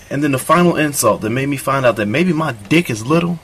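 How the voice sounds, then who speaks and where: A man's voice: medium pitch, expressive, normal speed, background noise. A man doing a crude comedic monologue, telling a rambling, profane story in a boastful tone.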